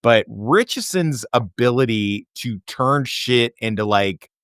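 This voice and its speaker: A man's voice: mid-range voice, animated, takes it slowly, a bit bright, smooth, no echo, studio quality. A man co-hosting a casual podcast, chatting loosely with wry, sarcastic asides. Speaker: podcast co-host. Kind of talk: casual chat.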